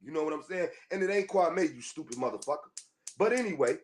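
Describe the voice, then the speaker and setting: A man's voice: fairly high pitch, expressive, fast talker, slight background noise. A man hosting a podcast, delivering a heated, profane monologue straight at his listeners, confrontational and full of repetition. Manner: profane, confrontational, repeats himself. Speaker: podcast host.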